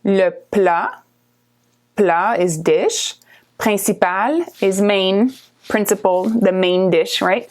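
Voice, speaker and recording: A woman from Canada, teaching vocabulary and repeating each word clearly with a frequent "okay?". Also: medium pitch. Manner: slow, clear repetition, checking in with "okay?". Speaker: French teacher. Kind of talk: vocabulary lesson.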